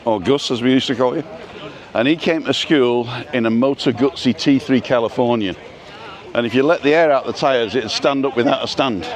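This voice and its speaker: A man's voice: medium pitch, moderate pace. A middle-aged man from North Manchester, chatting casually and joking through rambling memories while walking. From North Manchester, England. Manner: jokey, rambling reminiscences. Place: outdoors on a town street. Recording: faint outdoor street noise.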